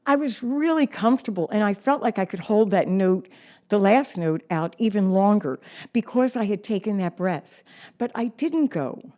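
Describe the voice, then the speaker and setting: A woman's voice: mid-range voice, expressive, mellow. A middle-aged woman teaching singing, speaking encouragingly and reading from her notes. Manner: slow, encouraging, reads aloud and sings examples. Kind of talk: singing lesson with demonstrations.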